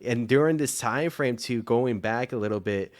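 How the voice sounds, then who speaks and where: A man's voice: mid-range voice, normal speed. A man co-hosting a casual TV recap podcast, rambling with lots of "like" and swearing. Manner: rambling, full of fillers and restarts, swears freely. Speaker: podcast co-host.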